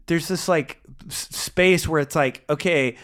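A man's voice: a little high, unhurried, a bit bright. A man co-hosting a casual podcast chat, rambling and swearing often.

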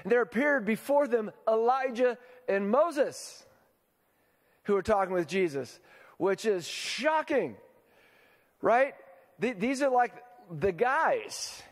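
Speaking slowly with long pauses, this high-pitched man delivers his sermon in a large hall, his pitch rising and falling dramatically. As pastor, he talks conversationally and keeps asking his listeners questions.

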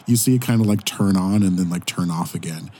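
A man's voice: low-pitched, brisk, dark tone, breathy edge. A man running a tabletop game as game master, describing scenes in a rambling way full of fillers.

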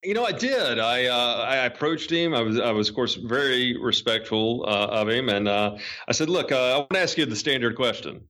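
A man's voice: medium pitch, lively intonation, normal speed, sharp tone. A man hosting a wrestling podcast, joking casually and reading ads. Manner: joking, chatty, with fillers. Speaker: podcast host. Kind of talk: casual podcast chat and ad read.

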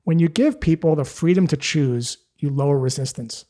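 A man's voice: fairly high pitch, moderate pace, mellow. A man giving a scripted, direct instructional talk as a sales coach, explaining things steadily.

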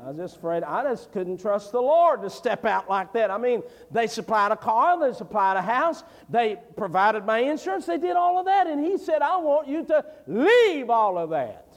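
A middle-aged evangelist preaches with a high voice that swoops widely between hushed lows and ringing peaks. His delivery is folksy and story-driven, and it climbs into fervent proclamation. The sound carries the long reverb of a church hall. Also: expressive, normal speed, few pauses. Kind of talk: preaching a sermon. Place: church sanctuary.

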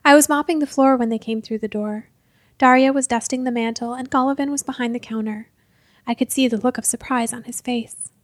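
A woman reads a storybook tale aloud in the first person, measured and dropping to a near whisper at its tensest points. Her voice sits high, and the recording is close and dry. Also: steady tone, no room sound. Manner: measured, hushed at tense moments. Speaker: narrator. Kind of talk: storybook narration.

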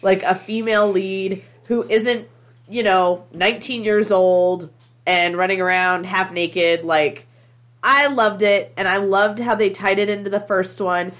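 A woman's voice: mid-range voice, fairly even intonation, unhurried, a bit bright. Emphatic woman gushing about a movie. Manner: enthusiastic, emphatic, profane. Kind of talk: casual movie discussion.

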